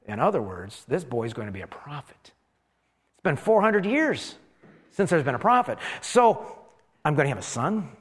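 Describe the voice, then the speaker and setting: A preacher telling a dramatic first-person sermon as an elderly priest who talks with exclamations and wry asides about himself. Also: male voice, a little high, normal speed, slightly rough, big-room sound. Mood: amazed. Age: older. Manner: animated, exclaiming, self-deprecating asides. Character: elderly male priest, amazed and rueful.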